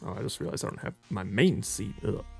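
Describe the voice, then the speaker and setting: A man's voice: lowish voice, expressive, quick pace, creaky, a little mellow, faint music behind. A man streaming with friends, telling a rambling story in casual chat and laughing often.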